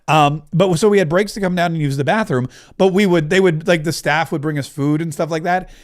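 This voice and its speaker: A man's voice: fairly high pitch, brisk. Rambling, joking man hosting a livestream. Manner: rambling, joking, reads out viewer comments. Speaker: livestream host. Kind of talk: casual livestream chat.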